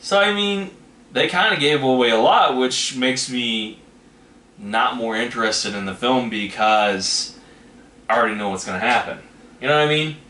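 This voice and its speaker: A man rambles through a casual trailer reaction he's hosting, hedging with "you know what I mean" along the way. He speaks at a normal speed in a sharp-toned mid-range voice, captured in an echoey room with faint noise.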